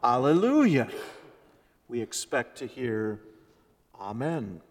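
A male pastor preaching a sermon in a church, moving from loud, emphatic lines to soft, hushed phrases. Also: on the high side, very animated, takes it slowly. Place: church sanctuary. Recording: long church reverb.

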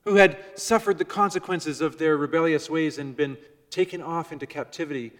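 A man preaching a sermon to his congregation, measured and shifting between soft, gentle phrases and loud emphasis. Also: fairly high pitch, big-room sound. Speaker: pastor. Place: church before a congregation.

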